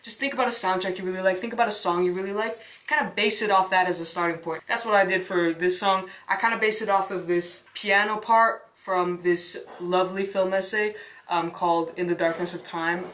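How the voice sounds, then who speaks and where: A woman's voice: mid-range voice, fairly even intonation, fairly quick, fairly bright tone. A young woman hosting a casual tutorial vlog, chatty with self-mocking asides. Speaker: filmmaker and channel host.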